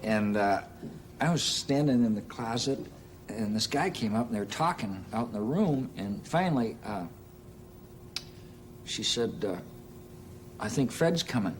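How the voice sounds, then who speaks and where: A man telling a comic anecdote on stage in an unhurried, halting way with plenty of "uh"s. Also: lowish voice, animated, slight background noise. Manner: unhurried, halting delivery with many "uh"s. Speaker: stand-up storyteller. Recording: live audience laughter and band music.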